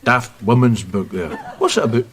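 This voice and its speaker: An actor playing a sarcastic, exasperated older Scottish pensioner who reads war books. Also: male voice, mid-range voice, expressive, moderate pace, lightly acted.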